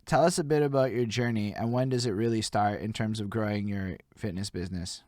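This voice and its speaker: A man hosting a casual livestream interview, speaking in a relaxed conversational way. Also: fairly low pitch, a little fast, dry recording, clean studio sound. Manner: relaxed conversational, gives stream shout-outs. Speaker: host.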